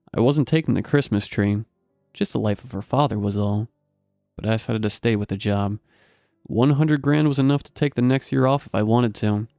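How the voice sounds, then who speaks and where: A man's voice: on the low side, vocal fry, dark tone, no room sound. A man narrating a scary story in a dry, wry storytelling manner. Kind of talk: scripted horror story narration.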